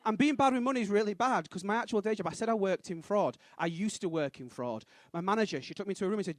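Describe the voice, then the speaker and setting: A man, doing a quick, punchy stand-up set on a comedy club stage. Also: sits high, lively intonation, no room sound. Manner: quick punchy delivery with sudden loud punchlines and voices.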